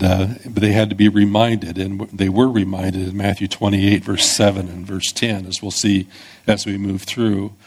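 A pastor preaching an expository sermon in a conversational teaching manner, with small restarts. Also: male voice, fairly low pitch.

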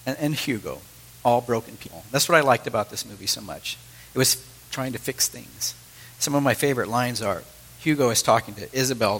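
A man's voice: mid-range voice, fairly bright tone, rough recording. Conversational male pastor preaching. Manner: conversational teaching with asides to the congregation. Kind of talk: sermon.

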